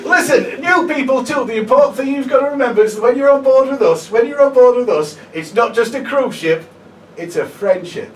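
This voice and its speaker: A man's voice: extremely high pitch, brisk, far from the mic, noisy background, voice pushed up. A man playing a brash, overfamiliar male cruise director with chummy announcer patter, in a live comedy set. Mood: hammy. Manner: loud, chummy announcer patter with repeated catchphrase. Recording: echoey live room, audience laughter.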